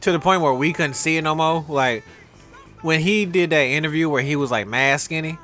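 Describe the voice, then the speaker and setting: A young man co-hosting a podcast, loud and animated with slang-heavy banter. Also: a little high, fairly quick, soft background music. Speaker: podcast co-host. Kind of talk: casual chat.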